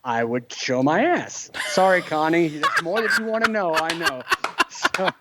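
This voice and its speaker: A man's voice: a little high, sing-song, moderate pace, very noisy. A man co-hosting a casual podcast, blunt and brash in his jokes. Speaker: podcast co-host. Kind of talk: casual chat.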